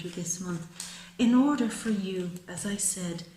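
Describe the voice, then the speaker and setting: A woman doing a tarot reading to camera, emphatic and soothing, calling the listener "baby" and "my love", sometimes dropping to a soft whisper. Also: mid-range voice, measured pace. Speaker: tarot reader. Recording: roomy with faint ambient noise.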